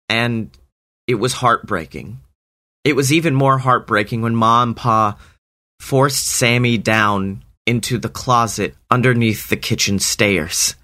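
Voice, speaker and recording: A man telling an improvised parody story in a slow, earnest, deadpan way. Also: mid-range voice.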